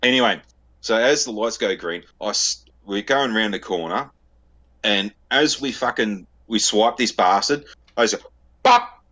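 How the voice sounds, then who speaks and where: A man's voice: fairly low pitch, normal speed, sharp tone. Foul-mouthed Australian man telling stories. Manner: crude, swears constantly, laughs at his own stories. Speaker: podcast co-host. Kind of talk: casual storytelling banter.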